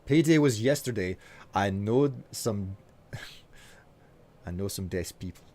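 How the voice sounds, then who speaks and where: Chatty Scottish man, low voice. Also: animated, a little slow, warm tone. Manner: chatty, answers viewer messages with hesitant fillers and laughs. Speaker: streamer. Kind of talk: live stream chat while gaming.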